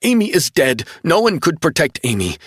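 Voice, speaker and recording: A man voicing a terrified, sobbing young man in an audiobook, pleading in high outbursts. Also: sing-song, moderate pace, a bit bright, breathy edge, no room sound, clean studio sound. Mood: panicked, distraught.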